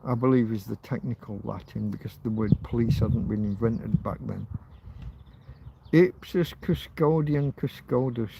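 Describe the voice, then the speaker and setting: A man hosts a casual livestream, ranting hotly and cursing while repeating phrases for emphasis. His mid-range voice is creaky and a bit slow, and the recording is very noisy.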